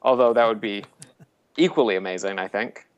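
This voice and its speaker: A man's voice: fairly low pitch, normal speed, clear, resonant tone, highs cut off. A man hosting a casual podcast, rambling with many fillers and frequent laughs. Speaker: podcast host.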